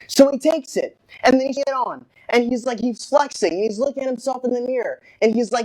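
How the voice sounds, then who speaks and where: A young man doing a stand-up comedy set, telling stories with animated delivery and bursts of shouting in quoted rants. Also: very high voice, normal speed, rough recording. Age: young adult.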